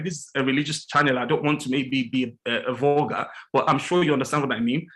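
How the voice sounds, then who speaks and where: A man giving an earnest teaching talk about relationships as a guest on a religious morning show, slowing down and stressing key words and repeating his points. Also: low-quality recording. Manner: acts out quoted dialogue with lively pitch jumps.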